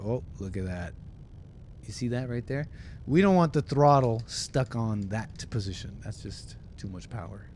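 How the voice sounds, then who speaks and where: A man's voice: mid-range voice, a little mellow, a little hiss or hum. A man hosting a livestream, reading viewer messages aloud and joking his way through a mock airline-pilot bit in casual, playful banter. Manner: playful, mock-announcer patter.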